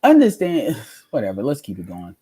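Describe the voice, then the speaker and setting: A man's voice: medium pitch, wildly swooping pitch, normal speed, dark tone, husky. Heated, profane man ranting. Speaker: commentary streamer. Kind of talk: casual reaction commentary.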